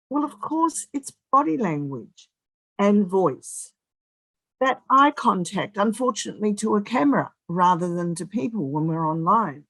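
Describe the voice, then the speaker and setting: A woman's voice: mid-range voice, dry recording, poor audio. Emphatic woman in her seventies. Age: 70s. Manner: animated and emphatic, with big swings in loudness and long pauses. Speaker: guest speaker. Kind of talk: motivational public speech.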